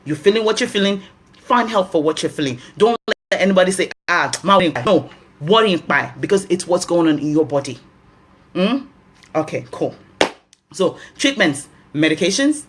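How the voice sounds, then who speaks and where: A woman's voice: on the low side, lively intonation, normal speed, slight background noise. Emphatic Nigerian woman giving advice. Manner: emphatic, repeats key phrases for stress. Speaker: health talk host. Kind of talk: earnest advice monologue.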